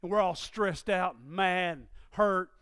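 A man preaching a sermon in a folksy way, dropping to quiet asides and rising to shouted, impassioned peaks. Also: a little slow, smooth, dry recording, clean studio sound. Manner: swings from low conversational asides to shouted, impassioned climaxes; folksy, uses ain't and y'all.

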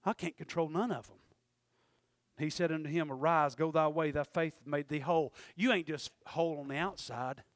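A man preaching a sermon in church, talking in quick asides and rising to sudden shouted peaks. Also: a little high, no echo, studio quality. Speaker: pastor.

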